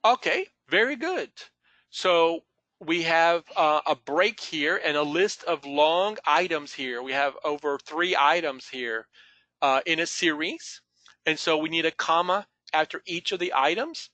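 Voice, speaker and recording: A man's voice: fairly high pitch, expressive, a little slow, sharp tone, no echo. A man teaching an online class over a video call, patiently calling on students by name.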